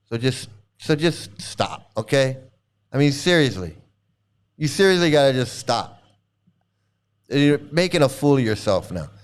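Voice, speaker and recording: A man's voice: medium pitch, big pitch swings, a little slow, pauses often, smooth. A man hosting a stream, ranting crude and scornful reaction commentary with lots of repetition. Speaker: streamer host.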